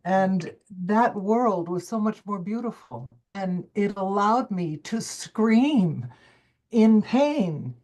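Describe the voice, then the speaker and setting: An older woman, a coach and former stage performer, telling her life story in an interview with emphatic, expressive delivery and quoted self-talk. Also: medium pitch, slow pace. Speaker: summit guest speaker, coach.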